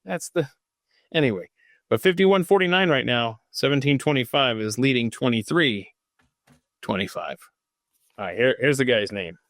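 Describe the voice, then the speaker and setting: A man's voice: medium pitch, moderate pace, long pauses, fairly bright tone, no room sound, clean studio sound. Rambling jokey man on a podcast. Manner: rambling and jokey, reading aloud and stopping to riff. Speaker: podcast host. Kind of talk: casual solo podcast monologue. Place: home studio.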